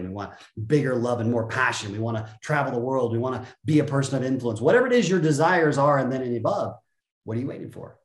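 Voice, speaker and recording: An emphatic man talks as a podcast guest, blunt and forceful in how he makes his points. He slips into little mimicked voices to play out what others say. His voice sits at a middle pitch and rings in a roomy, echoing space. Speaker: guest, self-help speaker. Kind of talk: energetic podcast conversation.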